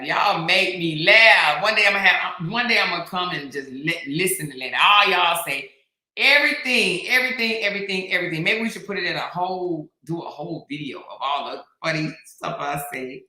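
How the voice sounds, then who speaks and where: A woman hosting a casual live chat, reading viewer comments and laughing often with loud, playful outbursts. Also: fairly low pitch, lively intonation, fairly quick. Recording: roomy echoey room sound.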